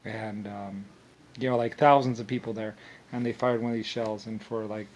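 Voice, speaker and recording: A man's voice: lowish voice, steady tone, normal speed, darkish tone. A man talking in a rambling, profane monologue, full of restarts and angry outbursts. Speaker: video monologue speaker.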